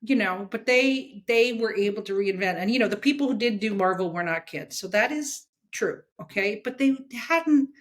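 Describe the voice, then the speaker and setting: A woman's voice: medium pitch, normal speed, few pauses. Emphatic woman in her sixties. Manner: animated, emphatic, tags points with "okay?". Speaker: guest, comics editor. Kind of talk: casual interview chat.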